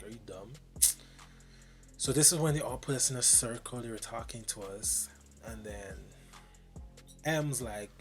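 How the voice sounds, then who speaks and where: A young man telling an animated, slang-heavy story time. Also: on the low side. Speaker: vlogger.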